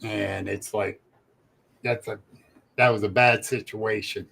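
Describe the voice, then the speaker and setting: A man's voice: on the low side, steady tone, takes it slowly, gravelly, a bit bright. A man in a casual chat, talking in a hesitant, reflective way.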